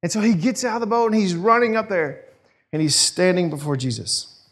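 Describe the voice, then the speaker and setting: A man's voice: high voice, brisk. A man preaching a sermon in a casual, storytelling way. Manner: conversational storytelling, animated. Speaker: pastor.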